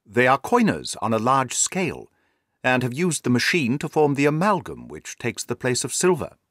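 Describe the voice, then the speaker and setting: A man reading the lines of a calm, quietly confident detective in a storybook. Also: medium pitch, normal speed, no room sound, studio quality. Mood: assured. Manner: quiet and assured.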